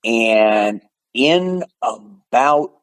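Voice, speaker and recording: An older man in his seventies spins animated anecdotes as a podcast guest, throwing in bursts of sound effects. He is from the Pacific Northwest, and his voice sits at a middle pitch. The sound is dry and close. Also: drawn-out words, dry recording, poor audio. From Pacific Northwest, USA. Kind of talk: storytelling in conversation.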